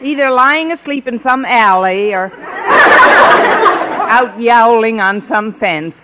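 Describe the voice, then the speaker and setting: A sly, wisecracking schoolteacher in a 1940s radio comedy. Her sardonic lines swing up and down in pitch. Loud studio laughter and heavy hiss fill the old broadcast. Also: sing-song, slow, over a noisy crowd. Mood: teasing. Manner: sardonic, playfully mock-tearful.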